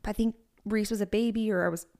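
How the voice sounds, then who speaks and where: A woman's voice: mid-range voice, fairly even intonation, quick pace, gravelly, mellow. A woman in her thirties co-hosting a podcast, talking candidly and personally, with lots of "like" in her casual chat. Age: 30s. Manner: chatty, heavy use of "like", candid and personal. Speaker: podcast co-host.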